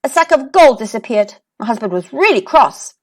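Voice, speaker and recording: A woman's voice: fairly high pitch, sing-song, normal speed. A woman voicing a stern but kindly giant's wife in a children's storybook reading, scolding and matter-of-fact.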